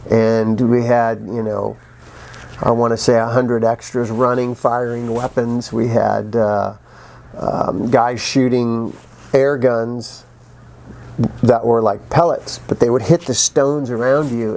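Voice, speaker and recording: Animated middle-aged man telling film stories. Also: mid-range voice. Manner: animated, acts out sounds with vocal effects; frequent restarts and pauses, laughs while telling. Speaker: actor telling behind-the-scenes stories. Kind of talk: casual anecdotal storytelling.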